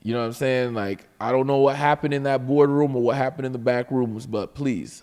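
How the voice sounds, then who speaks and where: A man from Canada, a comedian guest telling an animated anecdote, acting out the voices of others and often laughing. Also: medium pitch, a little fast, in a large hall. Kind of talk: storytelling anecdote.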